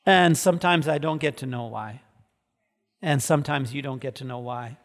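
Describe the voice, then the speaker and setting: A man preaching a sermon as pastor. He moves from soft, quiet passages to loud, emphatic peaks. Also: medium pitch, moderate pace. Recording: long reverb of a large hall.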